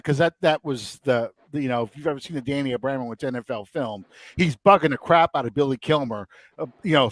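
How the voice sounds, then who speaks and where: A man's voice: mid-range voice, quick pace, no echo. A middle-aged man, hosting a podcast and telling a story in casual chat, acting out the quotes he tells. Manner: animated, acts out quotes. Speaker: podcast host.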